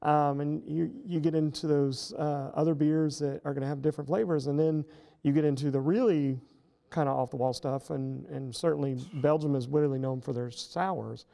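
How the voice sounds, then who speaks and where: A middle-aged man speaks as a guest in a casual interview, his voice mellow with a gravelly edge. He explains patiently, circling back with fillers and restarts as he goes. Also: fairly high pitch, steady tone, normal speed. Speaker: professor guest.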